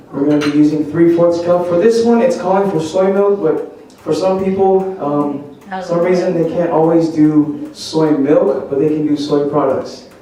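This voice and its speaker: Male cooking demonstrator, mellow and playful, quizzing the crowd, recorded from a distance in a very roomy hall. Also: fairly high pitch, a little hiss or hum. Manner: chatty and joking, quizzing the audience. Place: large echoey church hall. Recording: very echoey hall, mic at a distance.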